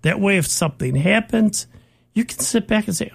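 A man's voice: sits high, animated, moderate pace, gravelly, breathy edge. A man co-hosting a tech talk show, giving folksy advice to listeners in a casual chat.

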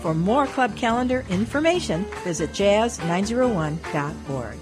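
A woman with a mid-range voice reads station announcements and event listings from a script. Her delivery is steady and clear. Music plays clearly underneath her. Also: medium pitch, moderate pace. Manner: even, clear reading of listings. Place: radio studio.

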